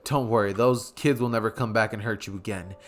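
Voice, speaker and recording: A man's voice: fairly low pitch, fairly quick, pitched below the performer's own voice, close to an everyday voice. A man doing a brash young boy ninja. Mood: friendly, easygoing. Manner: loud, defiant shouts. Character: brash, kind-hearted young boy ninja, quick to anger.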